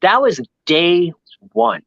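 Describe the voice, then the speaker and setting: A man from Long Island, telling a rambling, animated travel story as a podcast guest and acting out the people he met. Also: high voice, slow, creaky, dull audio. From New York, Long Island. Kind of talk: casual storytelling chat.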